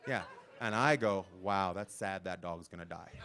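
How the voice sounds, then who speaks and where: A male stand-up comedian on stage before a live audience, telling a loud rambling story and acting out the voices of his wife and his dog. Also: deep voice, moderate pace, slight background noise. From lives in Long Beach, California.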